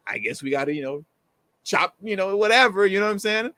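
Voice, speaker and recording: Guy, highish voice, casual commentary, acts out quotes, dry mic. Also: fast, no room sound. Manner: animated, slangy, acts out quoted people. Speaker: co-host.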